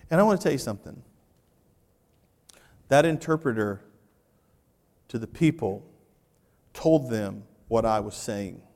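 A man preaching a sermon as pastor, animated, swinging from loud to hushed and repeating his phrases. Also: on the high side. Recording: reverberant church hall.

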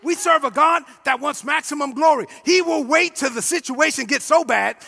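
A man preaching an animated sermon in church, shouting and calling for the crowd to repeat after him. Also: very high voice, normal speed, vocal fry, in a large hall, soft background music. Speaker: pastor.

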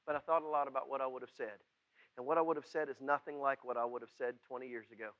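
A man preaching a sermon as pastor, folksy and plain-spoken, swinging from loud preaching to quiet, intimate asides. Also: mid-range voice, steady tone, fast, no echo, highs cut off. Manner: folksy and plain-spoken, with southern-style words.

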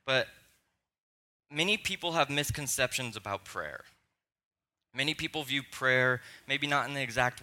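Bright-voiced young male pastor preaching. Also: mid-range voice. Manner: conversational preaching with personal anecdotes and humor. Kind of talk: sermon. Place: church sanctuary.

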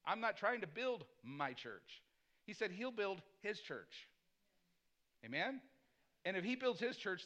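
A man's voice: on the high side, a bit bright. A man preaching a conversational sermon as pastor, mixing personal stories with scripture and often asking "Amen?". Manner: punctuates points with "Amen?".

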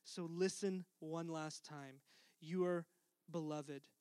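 A middle-aged man preaching a sermon as pastor, earnest, dropping to a soft hush for tender lines. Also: fairly high pitch, fairly even intonation, slow pace, clear, resonant tone, no echo.

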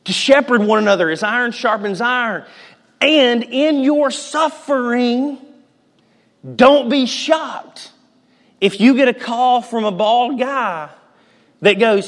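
A male pastor delivers a sermon in a casual, joking way. His voice is a touch higher than most men's, and it rings out with a long reverb through the church. He swings from loud emphasis down to soft near-whispers. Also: expressive, a little slow, pauses often.

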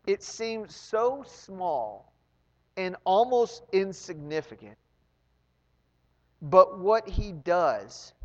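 A man preaching a sermon with animated swings between loud emphasis and hushed asides, often repeating words when excited. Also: a little high, big-room sound, dull audio. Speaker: pastor.

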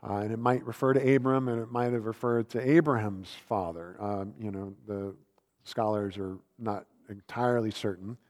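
A man's voice: lowish voice, fairly even intonation, normal speed, darkish tone. Man preaching in a reverberant hall. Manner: conversational storytelling, self-deprecating humor. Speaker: pastor. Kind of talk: sermon.

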